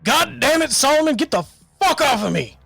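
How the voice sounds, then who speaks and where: A man voicing a gruff, stubborn rural father defending his land. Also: very high voice, sing-song, brisk, fairly bright tone, no echo, soft background music, pitched above the performer's own voice, exaggerated voice. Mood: furious. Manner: gruff, defiant.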